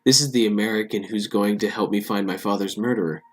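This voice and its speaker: Man reading as young man, matter-of-fact, lowish voice, text game. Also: steady tone, fast, lightly acted. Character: young man searching for his father's killer.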